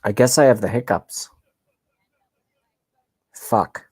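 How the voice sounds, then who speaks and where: A man's voice: lowish voice, slow pace, a little mellow, breathy edge. A man hosting a casual vlog and rambling along in loose, profane, self-mocking commentary. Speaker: vlog host.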